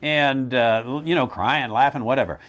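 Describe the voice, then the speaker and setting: A man hosting a Bible question show, talking in a blunt, wry way, with quick self-mocking laughs and mocking asides. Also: mid-range voice, a bit bright. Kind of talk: casual teaching talk.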